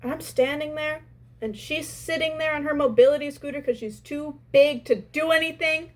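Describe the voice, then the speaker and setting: A young adult woman casually telling a story from her restaurant job, animated and exasperated. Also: high voice, moderate pace, slight background noise, poor audio.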